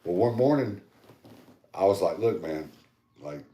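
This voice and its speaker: A man co-hosting a podcast, telling a loose, rambling story in a casual, animated and profane way. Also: low voice, measured pace. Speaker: podcast co-host. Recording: echoey room.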